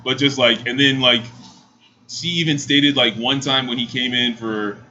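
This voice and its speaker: A man co-hosting a podcast, telling a story in a casual, animated way and imitating the people in it. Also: medium pitch, normal speed. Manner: animated, mimics people in quoted voices. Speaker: podcast co-host. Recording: dull lo-fi audio with faint hiss.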